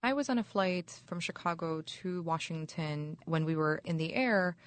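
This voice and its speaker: A woman, a university chaplain, recounting a personal experience in a measured, polite way. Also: on the low side, no echo.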